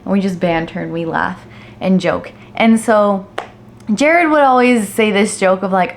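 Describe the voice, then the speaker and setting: A young woman narrating a family vlog in a chatty, storytelling way with quick asides. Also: medium pitch. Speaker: family vlogger.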